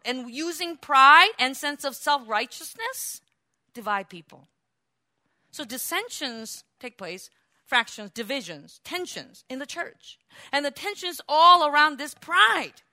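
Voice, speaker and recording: A woman pastor preaching a sermon in a church, animated, acting out quotes and laughing often. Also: high-pitched.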